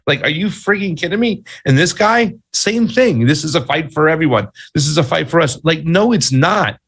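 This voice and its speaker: A man's voice: fairly high pitch, expressive, normal speed, creaky, few pauses, a bit bright. A man co-hosting a political talk show, exasperated and sarcastic, using casual slang. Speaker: co-host. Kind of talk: political commentary chat.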